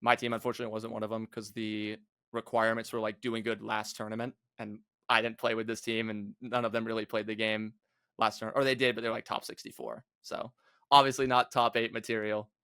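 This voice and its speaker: A man's voice: lowish voice, level tone, brisk, bright, forceful tone, clean tone, no echo, clean studio sound. A young man, a guest on a gaming podcast, talking bluntly and casually with lots of filler words. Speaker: guest, competitive gamer.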